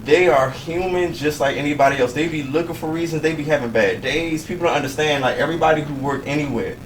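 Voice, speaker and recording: Guy hosting a podcast, swears a lot, gets loud and laughy, sounds a bit far off in an echoey room. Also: on the high side, quick pace. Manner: emphatic, profane, laughs through stories. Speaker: podcast host. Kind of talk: casual podcast chat. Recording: echoey room, mic at a distance, faint noise.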